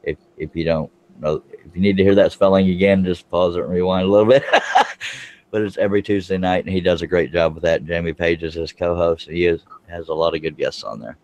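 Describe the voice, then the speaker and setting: A man's voice: low voice, steady tone, brisk, a little mellow, muffled recording. A man, chatting on a live stream as a guest woodworker, rambling and correcting himself as he goes. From Texas. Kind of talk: casual live-stream chat. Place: home, smoking while talking.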